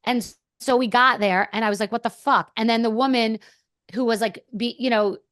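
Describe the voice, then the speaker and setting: Brief: a rambling, blunt podcast guest. She is a woman with a fairly high voice and a dry close mic, and she swears freely. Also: fairly even intonation, fairly quick, a bit bright, no room sound. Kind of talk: candid storytelling chat.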